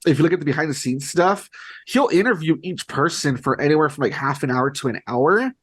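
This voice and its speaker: A man's voice: on the high side, lively intonation, a little fast, fairly bright tone. A man co-hosting a podcast, retelling a show in a rambling, filler-heavy casual chat. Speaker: podcast co-host.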